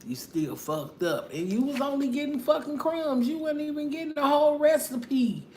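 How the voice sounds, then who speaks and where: Her voice sits high, with an animated delivery, a moderate pace and a darkish tone. She's a middle-aged tarot reader giving a casual, blunt, profane reading and laughing often, in an echoey room with faint background noise.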